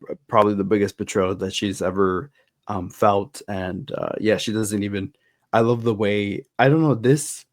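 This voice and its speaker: Hesitant man recapping scenes, lowish voice. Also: steady tone, normal speed, dry recording, clean studio sound. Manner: hesitant, many fillers and restarts while recapping. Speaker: guest. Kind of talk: casual review discussion.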